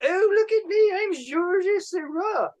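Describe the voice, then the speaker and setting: A man voices a leering painter preening over his canvas. The voice is squeaky and sing-song, pitched well above his usual range and heard over a video call. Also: animated, slow pace, darkish tone, heavily acted. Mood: smug. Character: giddy, leering male painter showing off.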